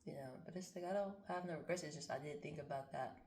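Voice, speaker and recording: A woman with a low voice talks through a card reading, musing aloud and speaking bluntly with frequent swearing. The room around her is echoey, so her voice rings a little. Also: fast, a little mellow. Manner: musing, candid, swears freely, thinks aloud. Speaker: card reader. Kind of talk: casual spiritual card-reading monologue.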